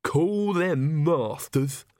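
A haughty male castle servant from a comic storybook, grumbling and slow, voiced by a male reader. His lines come out measured and sour, in a dry, close recording. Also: medium pitch, lively intonation, no echo, pitched above the performer's own voice.

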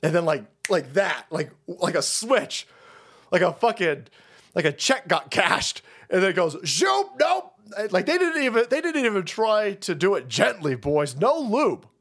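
A man's voice: sits high, very animated, normal speed, a bit bright, husky. A man hosting a political commentary stream, ranting in a rambling, sarcastic and foul-mouthed way. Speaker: host.

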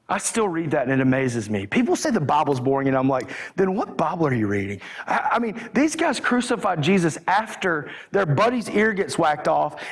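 A man's voice: a little high, gravelly, breathy edge. A man preaching a sermon, fervent at times and conversational at others. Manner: shouting and fervent, then calmer and conversational.

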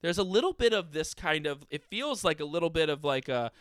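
A man co-hosts a podcast and talks in a loose, meandering way. His voice is smooth and clear at a mid pitch. The recording is dry and close, with no room sound. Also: animated, brisk, fairly bright tone, no echo. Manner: rambling, with many fillers and agreeing interjections. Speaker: podcast co-host. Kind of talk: casual podcast chat.

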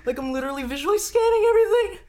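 A man's voice: very high voice, expressive, rapid-fire, warm tone, pitched above the performer's own voice. A man putting on the voice of a stoned, goofy young male cartoon sidekick, drawling and full of "like". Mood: tripping, giddy.

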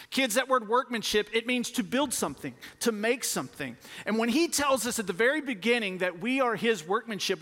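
A man preaches to families and children in a high voice. He leans on key words, repeating them and calling on the congregation to answer. His voice carries a long reverb from the church hall. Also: fairly bright tone. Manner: emphatic, repeats key words, calls for responses. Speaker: pastor. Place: church sanctuary.

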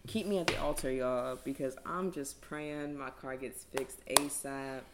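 A woman's voice: extremely low pitch, steady tone, measured pace. A woman co-hosting a podcast in casual chat, laughing often, slangy and loose with casual swearing. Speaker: podcast co-host. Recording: noisy background.

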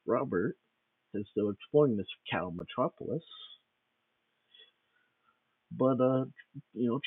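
A man's voice: lowish voice, husky, no room sound, recorded from a distance. A man improvising a comic story, rambling along with restarts and fillers, on a tinny phone-like recording.

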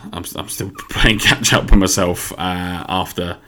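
A man's voice: low-pitched, fairly even intonation, measured pace, pushed and bright. A young man hosting a podcast alone, rambling casually into a microphone and swearing freely. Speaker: podcast host. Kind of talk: casual solo podcast monologue.

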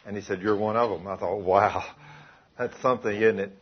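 Man, preacher, husky low voice, dull lo-fi recording. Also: steady tone, brisk. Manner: retells dialogue, quoting both sides. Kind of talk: sermon with told stories.

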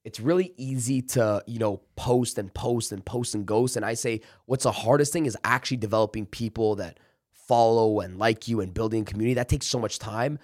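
A man's voice: medium pitch, fairly quick, darkish tone, no echo, clean studio sound. A man talking as a sales trainer in a casual podcast interview, emphatic and coaching, acting out pep talks. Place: office.

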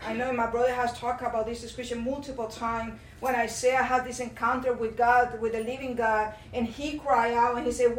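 A woman's voice: fairly high pitch, flat delivery, normal speed, slight background noise. Earnest woman preaching in a roomy hall. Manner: earnest, impassioned. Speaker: church speaker. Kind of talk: sermon-style testimony. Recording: roomy sound from a distant mic.

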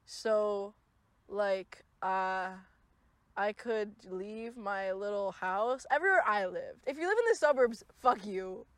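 A woman's voice: mid-range voice, slow, no echo. Rambling, profane young woman podcaster. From Los Angeles. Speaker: podcast co-host. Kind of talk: casual chat.

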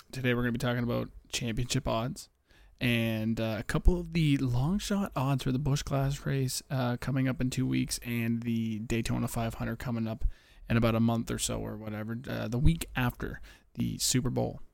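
A young man talks through his betting podcast from home late at night, keeping his voice down so he won't wake anyone. His gravelly voice sits at an ordinary pitch, close and dry in the recording. He rambles and swears freely, sounding a little out of breath. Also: fairly even intonation, moderate pace, dry recording. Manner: rambling, profane, talking low to keep quiet. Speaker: podcast host. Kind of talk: casual betting podcast chat.

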